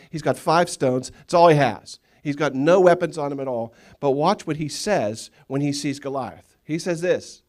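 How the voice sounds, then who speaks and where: A pastor preaching a sermon, telling Bible stories with humor and acting out the characters' lines. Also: male voice, a little high, moderate pace, hardly any pauses. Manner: animated storytelling, acting out biblical characters with humor. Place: church sanctuary.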